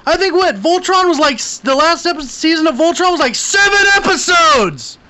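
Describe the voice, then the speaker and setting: A man co-hosting a casual podcast, ranting with lots of swearing, swinging from grumbling to shouting. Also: very high voice, sing-song, moderate pace, heavy background noise. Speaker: podcast co-host. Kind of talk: casual chat. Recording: dull lo-fi podcast audio.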